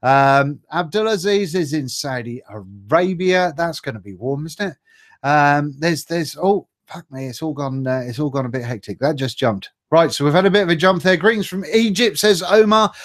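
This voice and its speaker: A middle-aged man runs a casual live stream, reading out viewers' names and greetings. He is chatty and jokey, trips over tricky names, and his voice sits a little high for a man. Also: moderate pace.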